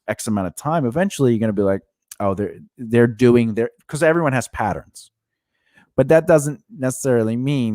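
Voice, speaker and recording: A man's voice: medium pitch, darkish tone, dry recording, clean studio sound. A man co-hosting a casual podcast, questioning and teasing his guest and stopping to restart his thoughts. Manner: probing, teasing, with frequent laughter; restarts and trails off into mumbles. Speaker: podcast co-host. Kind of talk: casual conversation.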